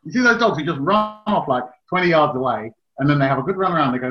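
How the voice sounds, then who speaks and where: A man's voice: fairly high pitch, animated, quick pace, a little hiss or hum. Chatty man giving dog advice. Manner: chatty, explains at length. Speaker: dog trainer, podcast host. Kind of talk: casual advice chat. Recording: slightly dull, lo-fi sound.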